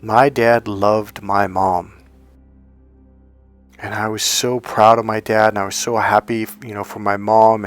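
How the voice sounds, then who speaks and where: Rambling male dating coach telling a story. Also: lowish voice. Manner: conversational, rambling, with many fillers and restarts. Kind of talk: personal storytelling monologue.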